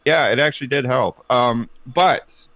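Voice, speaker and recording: A man's voice: unhurried, fairly bright tone, no echo. A man telling a story on a casual group podcast, rambling with lots of fillers and restarts. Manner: puts on silly high cartoon voices.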